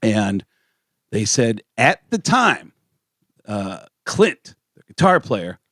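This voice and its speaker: A man co-hosting a radio talk show, telling stories in a lively way and acting out the people he quotes. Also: on the low side, slow pace, dry recording, clean studio sound. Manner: animated storyteller acting out quotes in voices. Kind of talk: casual storytelling chat.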